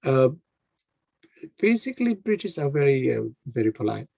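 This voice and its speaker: A man's voice: mid-range voice, big pitch swings, normal speed, vocal fry, darkish tone, no room sound. A man giving an online talk to a club, speaking hesitantly with many fillers and restarts over a video call. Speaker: guest speaker.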